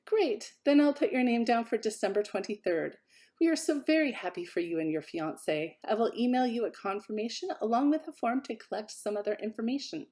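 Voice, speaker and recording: A woman's voice: fairly high pitch, lively intonation, fairly quick, warm tone, lightly acted. A woman voicing a polite hotel clerk with a French-like accent who speaks in formal phrases. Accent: French-sounding, not quite French.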